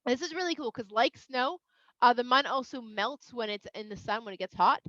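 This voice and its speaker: A woman from Toronto, telling a kids' story in an animated, expressive way with playful asides. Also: a little high, brisk, no echo. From Toronto, Canada. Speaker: children's Bible storyteller. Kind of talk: storytelling for kids. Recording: slightly dull, dry sound.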